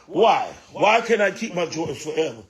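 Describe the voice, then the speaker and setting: A man's voice: on the high side, big pitch swings, normal speed. A man from Miami ranting and pleading on a livestream about his sneaker collection, exasperated, profane and repetitive. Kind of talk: emotional livestream rant.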